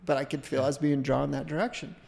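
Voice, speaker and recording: A middle-aged man shares an anecdote as a podcast guest, his voice gravelly and a little high. He rambles and interrupts himself, animated as he tells it. A long hall reverb hangs on every phrase. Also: fast talker. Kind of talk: casual storytelling.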